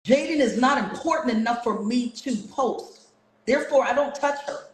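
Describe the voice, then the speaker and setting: A woman's voice: on the high side, moderate pace. Confrontational woman ranting on a live stream. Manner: confrontational, fires repeated rhetorical questions. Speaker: livestream host. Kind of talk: casual livestream rant to viewers. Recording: echoey room.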